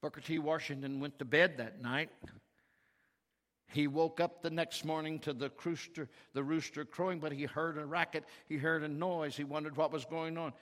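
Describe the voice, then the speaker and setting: A man preaching a sermon as pastor, slow and emphatic, building to loud calls for the congregation to repeat after him. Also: a little high, fairly even intonation. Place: church sanctuary. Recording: reverberant church hall, faint guitar behind.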